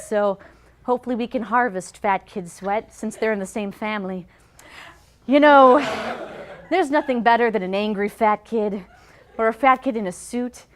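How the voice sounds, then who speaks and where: A young woman hosting a comedy show, doing a stand-up monologue in an awkward, self-deprecating deadpan way. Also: a little high, a little hiss or hum. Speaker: host. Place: studio with live audience.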